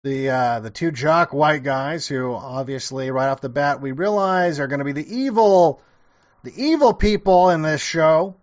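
A man's voice: a little high, moderate pace, dull audio. A man giving casual reaction commentary, rambling and profane, with sarcastic asides and many restarts. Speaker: commentator reacting to an old TV show.

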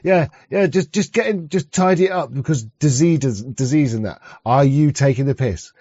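Here a man with a fairly high, warm voice at normal speed reacts to a clip as a streamer, rambling crudely and sarcastically and frequently starting over. There's no room sound, and the mic is dull and lo-fi.

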